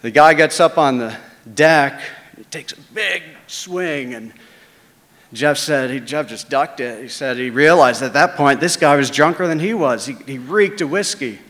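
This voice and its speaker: A man's voice: mid-range voice, a little slow, a bit bright, long reverb tail. A man casually telling a first-person story, conversational and salty.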